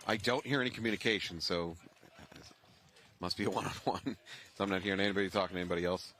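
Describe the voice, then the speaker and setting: A man's voice: sits low, steady tone, quick pace, fairly bright tone, a little hiss or hum. A man from Ohio commentating a live paintball match in a joking, easygoing way, outdoors at the field.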